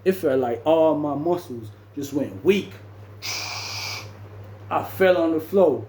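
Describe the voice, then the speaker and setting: Speaking slowly in a slightly high voice, a man tells a casual story about his time in jail, voicing what others said and punching it up with sound effects. The poor-quality audio is reverberant, with a little background noise.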